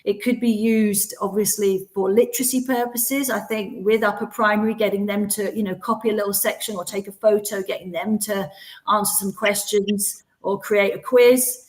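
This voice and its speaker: A woman's voice: mid-range voice, steady tone, moderate pace. A woman hosting an online session for teachers, explaining practical classroom ideas. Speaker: webinar host.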